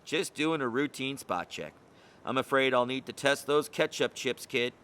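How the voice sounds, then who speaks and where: A hungry storybook seagull, cunning and wheedling, who bluffs in pompous official tones, put on by a man reading aloud. The tone is bright and pointed. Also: medium pitch, moderate pace, smooth, lightly acted. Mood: mock official. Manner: wheedling, plays at official voices. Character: scheming hungry male seagull.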